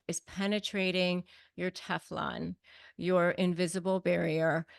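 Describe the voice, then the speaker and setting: A woman's voice: on the low side, smooth, dry recording, studio quality. A woman guest expert giving blunt, emphatic advice in conversation, in a coaching tone.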